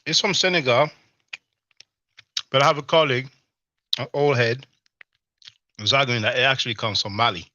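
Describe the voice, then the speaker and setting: Bright-voiced man hosting a live chat. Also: mid-range voice, moderate pace, long pauses, no room sound. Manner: loose, rambling, full of "you know". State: talking while eating. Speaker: live stream host. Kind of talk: casual live-stream chat with viewers. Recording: slightly dull lo-fi stream audio.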